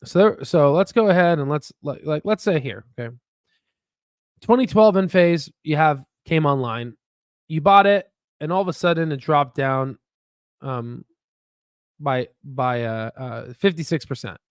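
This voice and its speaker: A man hosting a casual stock market video, rambling and excitable, with frequent profanity and restarts. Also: fairly high pitch, a little slow, dry recording, studio quality. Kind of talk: casual market commentary with screen share.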